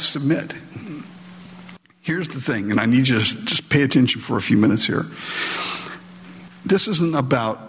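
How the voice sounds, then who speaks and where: A man's voice: mid-range voice, slightly rough, in a large hall, lo-fi sound. A man preaching a sermon in an emphatic, conversational way, full of rhetorical questions. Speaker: pastor.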